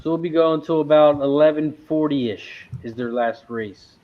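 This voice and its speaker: Guy calling horse races on a stream, kinda high voice, dull lo-fi sound, jokey. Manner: joking, quick race calls. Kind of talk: casual live-stream chat and race calling.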